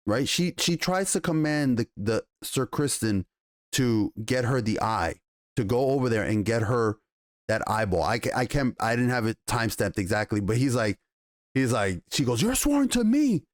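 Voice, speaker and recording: A man casually reviewing a TV episode, retelling scenes with excited, profane enthusiasm and quoted dialogue. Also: mid-range voice, moderate pace, dry recording, clean studio sound. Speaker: TV show reviewer.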